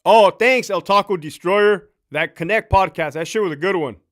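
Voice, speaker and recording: His voice sits high and moves at a moderate pace. The speaker is a man in his fifties, an ex-prison officer, cracking himself up with lively, profanity-laced tales on a casual stream.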